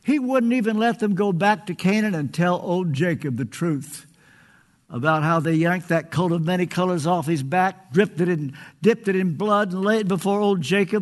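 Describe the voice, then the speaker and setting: Older man preaching earnestly, high voice. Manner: earnest pleading, drawn-out emphatic phrases. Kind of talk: sermon.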